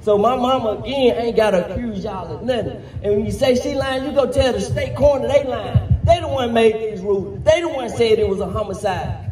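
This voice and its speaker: A man speaking fiercely and defiantly at a rally for his brother who died, rising at times to shouts, recorded from afar with echo and noise. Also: extremely high pitch, a little fast. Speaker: family member of the deceased, rally speaker. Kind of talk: impassioned rally speech. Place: public rally. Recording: echoey, distant, noisy outdoor rally recording.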